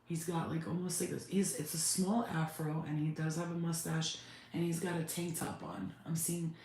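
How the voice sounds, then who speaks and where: Woman, psychic medium, low-pitched voice, halting and repetitive, emotional and near tears, faint background noise. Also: little pitch movement, a little mellow, heavy reverb. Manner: halting, repetitive, restarts words. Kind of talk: live spirit channeling session.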